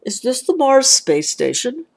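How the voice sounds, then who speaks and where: A woman's voice: high voice, big pitch swings, measured pace, creaky, a little mellow, voice pushed up, full character voice. A woman voicing a stern but fair father bear in a storybook read-aloud.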